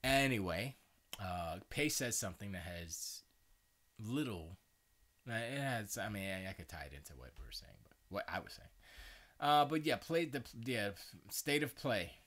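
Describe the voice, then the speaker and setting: A man's voice: on the low side, lively intonation, normal speed, fairly bright tone. A man hosting a live stream, chatting casually in a rambling way with many restarts and stammers.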